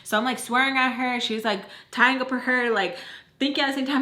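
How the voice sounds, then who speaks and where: A young woman tells a personal story in a casual, animated way, swearing freely and acting out what people said. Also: sits high, fairly quick. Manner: animated, profane, acts out quotes. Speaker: beauty vlogger telling a story. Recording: echoey room.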